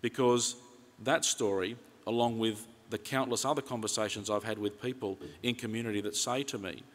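A middle-aged Australian man giving a conference keynote speech, earnest and steady, telling his points in detail. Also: lowish voice, normal speed. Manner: earnest, retells conversations in detail. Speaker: keynote speaker. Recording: reverberant conference hall.

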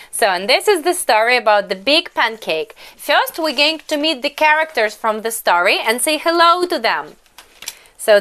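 A young woman with a Russian accent teaching English to small children, with slow, exaggerated, coaxing speech and prompts to repeat each phrase. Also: sits high, a bit bright, clean tone. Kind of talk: children's English lesson with a story.

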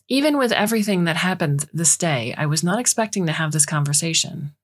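A woman narrates a science fiction short story in a low-pitched voice. Her reading is steady and measured, in a scripted audiobook manner. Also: breathy edge.

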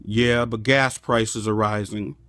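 A man imitating an overly negative person in a lower, grumbling voice. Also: measured pace, no echo, close to an everyday voice. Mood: gloomy. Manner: flat, grumbling, deflating.

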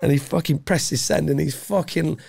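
A man's voice: a little high, moderate pace, creaky, darkish tone, slightly rough, no room sound. A middle-aged man from England, a former special forces guest on a podcast, talking bluntly and casually with heavy swearing. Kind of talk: casual interview chat.

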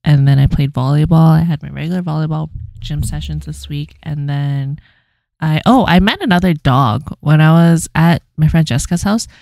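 A woman's voice: low voice, normal speed, creaky, warm tone, dry recording, studio quality. A young woman co-hosting a podcast, telling stories in a chatty way with casual swearing. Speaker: podcast co-host. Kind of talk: casual chat.

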